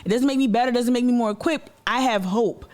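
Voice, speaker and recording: A man's voice: very high-pitched, fast. A man with a Southern US accent giving blunt, casual commentary as an activist host, cursing and mocking others' voices. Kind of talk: casual commentary on a played clip.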